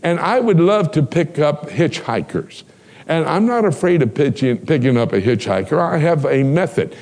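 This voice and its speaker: A male preacher with a slightly high-set voice delivers a sermon. He tells stories with animation, jumping into the voices of the people in them. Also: normal speed. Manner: animated storyteller, acts out dialogue.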